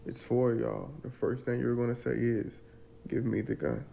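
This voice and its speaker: A man's voice: mid-range voice, normal speed, creaky, a little hiss or hum. Man telling a story on dull lo-fi audio. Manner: animated, acts out quoted voices, repeats phrases for emphasis. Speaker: guest telling his story. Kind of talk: casual storytelling.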